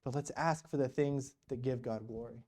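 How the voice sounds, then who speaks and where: A guest speaker at a church, this man has a medium-pitched, steady and dark-toned voice at normal speed. His sermon is conversational storytelling packed with rhetorical questions and "you know."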